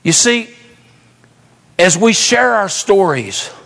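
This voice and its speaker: Male pastor, high voice, chatty folksy storyteller preaching in a church with a long echo. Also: sing-song, slow pace, creaky, a bit bright. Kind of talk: storytelling sermon.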